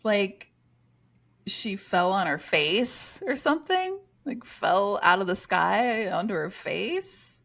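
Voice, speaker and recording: Lady podcast host reading out comments, slow drawl, voice goes up and down a lot, keeps cracking up. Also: mid-range voice, sing-song, creaky, fairly bright tone. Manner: amused, laughs often. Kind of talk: casual chat, reading out listener comments.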